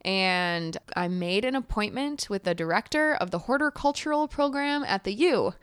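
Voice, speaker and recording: A woman's voice: mid-range voice, animated, normal speed, a bit bright, clear, resonant tone, dry recording. A woman guest on a podcast, talking candidly in casual conversation and laughing easily. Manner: candid, laughs easily, acts out quoted dialogue.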